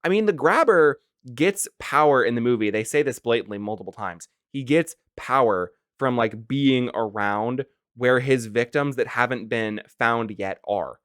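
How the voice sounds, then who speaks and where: A man's voice: mid-range voice, lively intonation, normal speed, hardly any pauses, fairly bright tone, no room sound, studio quality. A man hosting a casual film review, talking sarcastically and with exasperation, with many filler "like"s. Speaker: movie review host.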